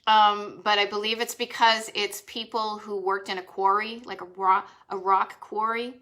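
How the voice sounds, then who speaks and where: Hosting a retro travel live stream, this woman speaks with a Boston accent at medium pitch and normal speed. Her delivery is flat but bright and forceful, and her casual chat is enthusiastic and full of rambling asides.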